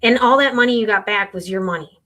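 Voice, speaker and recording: Brief: middle-aged woman, tax consultant guest, earnest explainer, medium pitch. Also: fast, sharp tone. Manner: explains earnestly with client stories. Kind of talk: podcast conversation.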